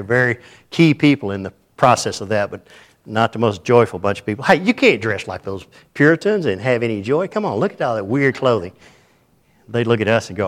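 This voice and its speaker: An older man with a drawl preaching to his church congregation. His talk is folksy and chatty, full of jokes and checks on whether the room is following. His pitch sits in an ordinary middle range. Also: a bit bright. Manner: folksy, joking asides and quick asides to the congregation. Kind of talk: sermon.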